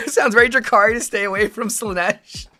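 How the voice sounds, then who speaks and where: Bright-voiced woman streamer reading chat. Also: fairly high pitch, soft background music. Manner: animated, rambling, quick to laugh. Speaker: VTuber streamer. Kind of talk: casual live-stream chat, reading viewer comments.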